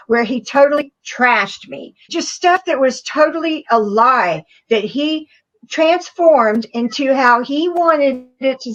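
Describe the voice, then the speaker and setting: A middle-aged woman speaking as a guest in a casual call interview, halting and plain-spoken. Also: high-pitched, dull audio.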